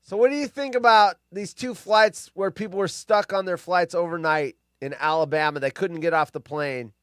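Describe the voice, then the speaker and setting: A man's voice: high voice, moderate pace, clean tone, dry recording, studio quality. A man hosting a casual livestream chat, prodding his guest with questions. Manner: prodding questions, chuckling interjections. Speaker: host.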